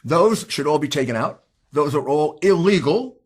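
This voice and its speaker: Husky guy ranting at a hearing, highish voice, punches every word. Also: lively intonation, normal speed. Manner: emphatic, combative, rising to shouts. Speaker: speaker at a political hearing. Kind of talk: impassioned political speech.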